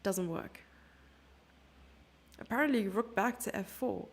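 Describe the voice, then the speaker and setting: Chatty woman streaming chess commentary, gravelly. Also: mid-range voice, lively intonation, takes it slowly, pauses often. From Germany. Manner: chatty, self-mocking, thinking aloud over moves. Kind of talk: casual live-stream commentary.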